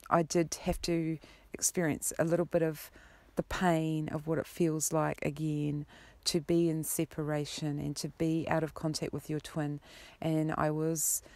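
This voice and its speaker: A woman spiritual teacher talking in an earnest, gentle, rambling way in a casual vlog monologue. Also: deep voice, dry recording.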